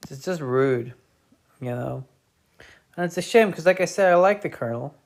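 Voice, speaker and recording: A man's voice: a little high, expressive, normal speed. A British man streaming, telling a meandering comedic monologue with chatty, offhand asides.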